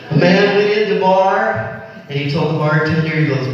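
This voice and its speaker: A man telling jokes in a slow, drawling way, reading some from notes at a live show. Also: sits high, a crowd in the background. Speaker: amateur comedian telling jokes. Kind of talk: stand-up joke telling. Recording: echoey hall, far from mic, dull sound.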